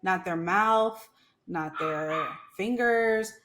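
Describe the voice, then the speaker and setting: A woman's voice: mid-range voice, very slow, noisy background. A woman who works as a waxer, chatting casually on a podcast and acting out quotes as she tells stories. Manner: animated storyteller, acts out quotes. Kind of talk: casual chat.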